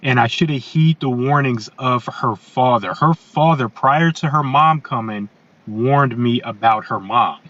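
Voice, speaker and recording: A man telling his own story as a podcast guest. He talks in a halting conversational way, restarting and repeating words. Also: medium pitch, fairly bright tone, muffled recording.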